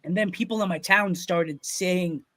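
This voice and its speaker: A man from Pennsylvania hosting a casual podcast, telling stories with lots of excitement and frequent laughter. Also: sits high, normal speed, no room sound. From Pennsylvania, USA. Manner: excited storytelling, laughs often. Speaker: podcast host.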